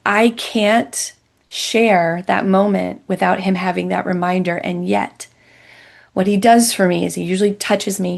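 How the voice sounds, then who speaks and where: Gravelly-voiced woman telling a personal story. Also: lowish voice. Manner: earnest, reflective, with quick bursts and slow emphatic phrases. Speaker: Christian counselor, guest. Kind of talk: personal storytelling in a podcast interview.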